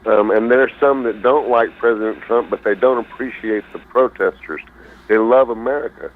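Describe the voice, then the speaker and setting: A man calling in to a radio talk show, rambling in a folksy way and pausing to search for his words. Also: mid-range voice, fairly even intonation, slight background noise. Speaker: caller. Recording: phone-line call.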